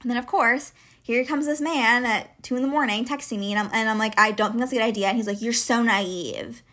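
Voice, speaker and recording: A woman's voice: on the high side, brisk, sharp tone. A woman in her twenties, a podcast co-host, telling a long personal story in casual chat, with lots of "like" fillers. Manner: chatty, heavy use of filler "like".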